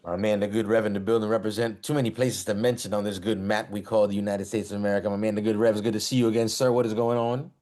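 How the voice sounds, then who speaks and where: A man hosting a live-streamed talk show, hyping it up and shouting out his guests. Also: on the low side, little pitch movement, quick pace, few pauses. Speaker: host. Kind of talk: hype podcast hosting. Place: online live-stream call.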